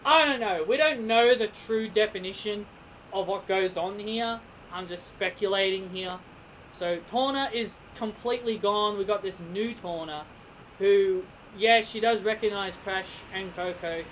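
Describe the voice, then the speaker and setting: A man's voice: high voice, measured pace, a bit bright, a little hiss or hum, low-quality recording. Rambling Australian man reviewing a game. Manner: rambling, speculative, thinking aloud. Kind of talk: casual spoken game review.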